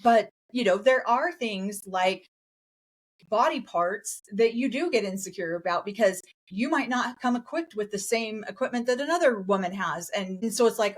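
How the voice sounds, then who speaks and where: Chatty woman co-host, mid pitch, animated, tosses in little voices for the people she's quoting. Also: normal speed. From raised in a polygamist group in the US West. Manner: chatty, animated, acts out quotes in other voices. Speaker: podcast co-host. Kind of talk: casual reaction chat.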